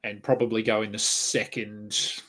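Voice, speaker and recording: A man's voice: fairly low pitch, flat delivery, measured pace, a crowd in the background. A man appearing as a guest analyst, talking through fantasy sports picks in an easygoing way, thinking aloud with fillers. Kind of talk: casual fantasy sports chat.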